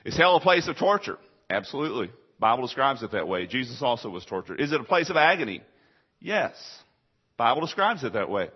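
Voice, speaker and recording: A man preaching a sermon, asking rhetorical questions and answering them himself, moving between hushed low stretches and loud, high, emphatic lines. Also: breathy edge. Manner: dramatic swings between soft low passages and loud high rising questions; rhetorical call-and-response questions to the congregation. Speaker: pastor. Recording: dull lo-fi sermon recording.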